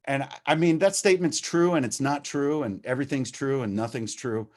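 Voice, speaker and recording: Man, recovery-meeting speaker on a video call; candid, animated, casual swearing. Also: medium pitch, fairly quick. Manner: animated, swears freely, gets worked up. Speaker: recovering addict sharing at a meeting. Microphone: video-call microphone.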